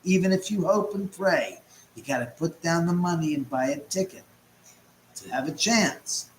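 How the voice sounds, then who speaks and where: A man hosting a live stream from his home, chatting and rambling as he answers viewers' comments out loud. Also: fairly high pitch, expressive, moderate pace. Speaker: host. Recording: roomy echo, faint background noise.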